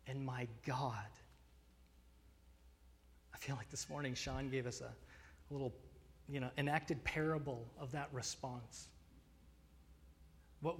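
A man preaching a sermon, earnest and emphatic, often restarting phrases with fillers. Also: a little high. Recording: long hall reverb.

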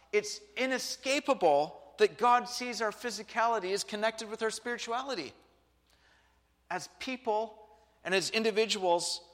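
Male pastor, high bright voice, chatty sermon with asides, big reverberant hall. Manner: lively, conversational, joking asides. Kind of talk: sermon and live interview. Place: church sanctuary.

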